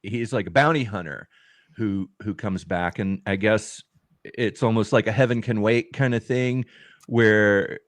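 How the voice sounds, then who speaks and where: A man talks through a trailer reaction, stopping and restarting as he works out his thoughts. His voice sits low and sounds dry and close. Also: no room sound. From American South. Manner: halting, restarts often. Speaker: co-host reviewing a trailer. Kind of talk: casual reaction chat.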